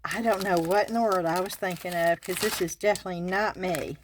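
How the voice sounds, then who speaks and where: A woman's voice: lowish voice, fairly even intonation, brisk, background noise. An older woman with a Southern US accent, hosting a casual craft unboxing and chatting to her viewers with frequent giggles. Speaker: craft channel host.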